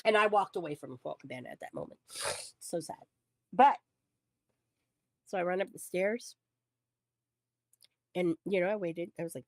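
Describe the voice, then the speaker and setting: A woman's voice: fairly low pitch, lively intonation, unhurried, pauses often, dry recording. Woman, podcast co-host, casual storytelling, swears a lot, acts out quotes, dry close sound.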